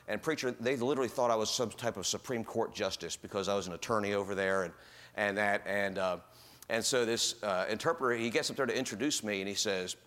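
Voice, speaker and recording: This American man in his fifties gives an informal talk as a guest at a church. His voice is fairly low but fairly bright, and his folksy, rambling delivery is full of fillers and restarts.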